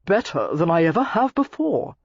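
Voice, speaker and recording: A woman's voice: on the low side, big pitch swings, normal speed, slightly rough, no echo, exaggerated voice. Woman doing an ardent young lord. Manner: earnest, flowery declarations. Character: ardent young English lord, besotted suitor. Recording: slightly muffled lo-fi recording.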